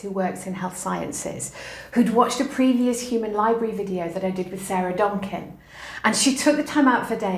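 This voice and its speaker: In an echoey room, a middle-aged university educator responds to interview questions with emphasis and encouragement, weaving in anecdotes. She speaks in a mid-range voice.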